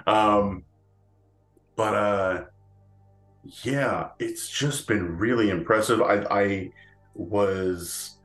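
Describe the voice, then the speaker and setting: Male podcast co-host: slow, low-ish voice, rambling casual talk in a roomy-sounding space. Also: fairly bright tone, soft background music. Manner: rambling, many fillers and restarts, laughs often. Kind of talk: casual chat.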